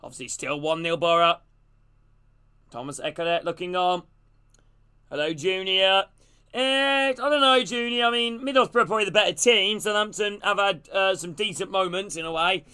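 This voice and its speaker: A man streaming a live football watch-along, calling the play and greeting his chat in a casual, excitable way. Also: high-pitched, normal speed, smooth. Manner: casual, greets chat between plays, gets loud and excited on attacks.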